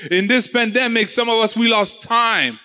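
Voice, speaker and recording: A man's voice: extremely high pitch, moderate pace, bright, forceful tone. A man preaching a sermon with impassioned, sing-song delivery and many repeated words.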